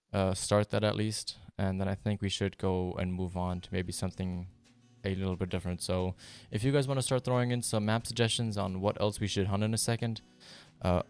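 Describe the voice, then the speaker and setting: A man with a lowish voice whose first language is German chats loosely with his stream viewers. His delivery stays fairly flat and even, and it wanders with fillers and restarts. Soft guitar music plays faintly behind him. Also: smooth. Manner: relaxed, rambling, with many fillers and restarts. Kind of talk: casual live-stream chat answering viewers.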